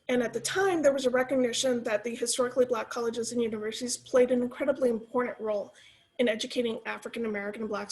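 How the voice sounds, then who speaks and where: A woman from California in her forties, giving a lively, encouraging talk to students over a video call. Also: on the high side. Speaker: guest speaker. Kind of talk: presentation to students.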